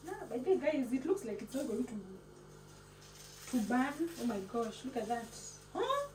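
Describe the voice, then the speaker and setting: A woman hosts a casual cooking vlog. She talks in a chatty, playful way with a fairly high voice and slips words into her English. The recording is roomy and picks her up from across the kitchen, with clear background noise. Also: very animated, moderate pace, a little mellow. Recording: echoey room, mic at a distance, background noise.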